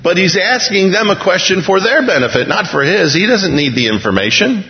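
Animated male preacher in an echoing hall. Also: high-pitched, a little fast. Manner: animated, jokey, voices the characters in scenes. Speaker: pastor. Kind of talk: sermon with acted-out scripture dialogue. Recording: dull sound with long hall reverb.

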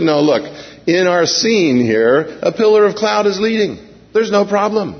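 A man preaching a sermon in a lively storytelling manner, often acting out the panicked cries of the people in the story. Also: sits high, a little slow, in a large hall, muffled recording. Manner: animated, acts out frightened voices of the people in the story. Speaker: pastor.

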